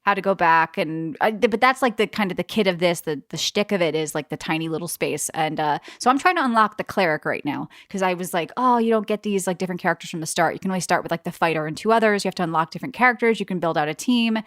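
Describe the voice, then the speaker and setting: A woman's voice: lowish voice, fast, hardly any pauses, a bit bright, no room sound, studio quality. A woman co-hosting a casual gaming podcast, chatty and upbeat, often laughing. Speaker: podcast co-host.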